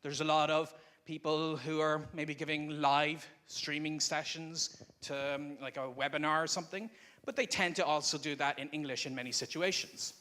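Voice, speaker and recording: A man speaks into a microphone at a conference, walking an audience through his ideas in a relaxed, conversational way. His voice sits a little high and has a bright, forceful edge. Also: moderate pace. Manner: conversational, explanatory. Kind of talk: live presentation. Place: conference room before an audience.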